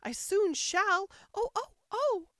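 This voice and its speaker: A woman voicing the old, scatterbrained White Queen, who talks in a fussy way and breaks into shrill, squeaky screams. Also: very animated, moderate pace, dry recording, clean studio sound.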